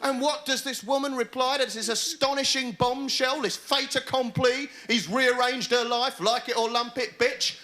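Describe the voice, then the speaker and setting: A man's voice: very high-pitched, steady tone, moderate pace, hardly any pauses, pushed and bright. A man doing a stand-up routine, ranting sarcastically and mocking people in put-on voices, with laughter from a studio audience. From England. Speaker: stand-up comedian. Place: TV studio stage with live audience.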